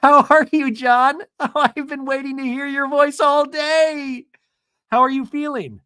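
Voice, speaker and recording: A high, gushing lovestruck woman coos and giggles breathlessly, as a man puts her on. Her pitch jumps wildly from line to line. The sound is dry and close. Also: expressive, moderate pace, a bit bright, no echo. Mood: gushing, giggly.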